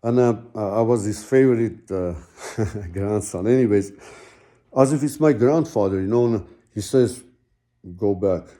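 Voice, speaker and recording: A middle-aged man telling a personal story slowly and haltingly, searching for words with many fillers. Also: fairly low pitch, warm tone. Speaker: guest telling his own story.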